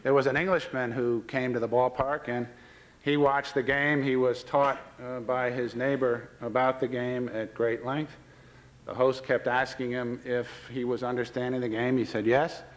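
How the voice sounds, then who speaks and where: A man's voice: mid-range voice, little pitch movement, normal speed, poor audio. Storytelling man with dry wit. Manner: storytelling with dry wit, retelling quoted dialogue. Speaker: baseball commissioner giving a public talk. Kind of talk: humorous anecdotal speech.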